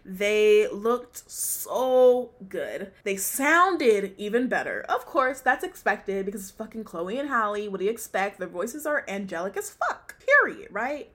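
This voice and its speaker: A woman's voice: mid-range voice, fairly bright tone. A young woman hosting a podcast, blunt and profane, ranting about pop culture and laughing often. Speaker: podcast host. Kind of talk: casual pop-culture commentary.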